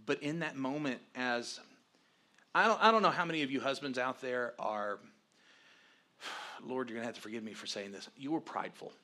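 A man co-hosting, candidly telling a story about his marriage in an animated way. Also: mid-range voice, normal speed. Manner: animated, grows loud acting out past arguments. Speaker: co-host, husband telling the story.

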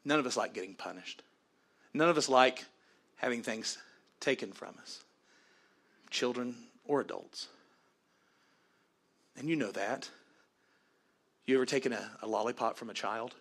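A pastor delivering an earnest sermon on family and forgiveness, then leading a prayer in softer tones. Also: male voice, medium pitch, measured pace, long pauses. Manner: earnest preaching, dropping to soft prayerful tones.

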